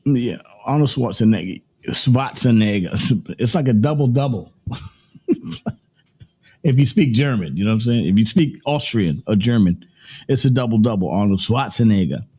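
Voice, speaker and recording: A man's voice: medium pitch, animated, normal speed, long pauses, dark tone, breathy edge. A man hosting a morning livestream show, talking in a rambling, casual way and repeating himself as he works through his points.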